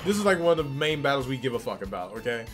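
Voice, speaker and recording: A man casually commenting on his gameplay as channel host, excitable and profane, yelling when the fight heats up. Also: medium pitch, very fast. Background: game music.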